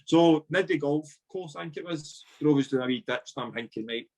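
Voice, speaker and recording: Scottish man, fairly high voice, animated storyteller, swears a lot. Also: brisk. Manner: animated, swearing, acts out dialogue. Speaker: guest, former footballer. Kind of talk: casual storytelling.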